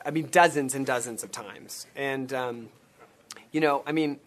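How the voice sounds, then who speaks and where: A man talking as a guest in a casual interview, telling animated stories with bursts of laughter. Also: medium pitch, unhurried, a little hiss or hum. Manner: animated storyteller, acts out quotes with laughter. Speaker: guest, former missionary and stage performer.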